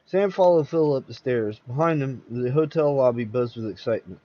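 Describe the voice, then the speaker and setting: A man hosting and reading a horror story aloud, steady with occasional slips and restarts. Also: mid-range voice, fairly quick, dull audio. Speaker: host and storyteller.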